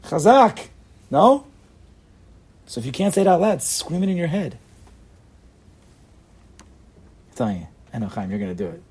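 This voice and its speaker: A man giving a lively class on faith, emphatic and passionate, often firing rhetorical questions at his listeners and bursting into loud urging. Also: mid-range voice, moderate pace, pauses often, breathy edge. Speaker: Torah teacher giving a class.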